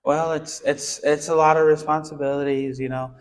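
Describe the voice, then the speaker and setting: A man's voice: on the high side, flat delivery, moderate pace. A man who founded a nonprofit tells his childhood story in a casual, earnest interview. He talks conversationally, with many restarts and "you know"s. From United States (born in Texas, raised in southern California).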